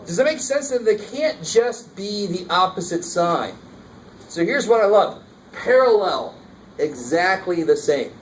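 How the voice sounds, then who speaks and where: Recorded from far across a spacious classroom with light hiss beneath, a math teacher lectures a little slowly in a fairly high, sing-song voice. He stays casual and engaged, repeatedly asking if the class is keeping up.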